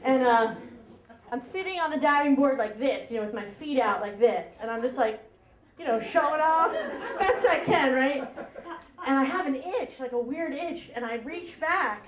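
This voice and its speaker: High-voiced woman telling a story on stage. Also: expressive, moderate pace, echoey room, a faint crowd. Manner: chatty, self-mocking, laughs at her own lines. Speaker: storyteller at a live story slam. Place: live event room with audience. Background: audience laughter.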